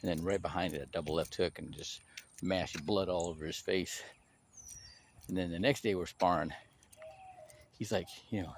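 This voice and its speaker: A man talking casually on his own channel, an animated storyteller who restarts his sentences often and stresses his points. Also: low voice, moderate pace, pauses often, slight background noise.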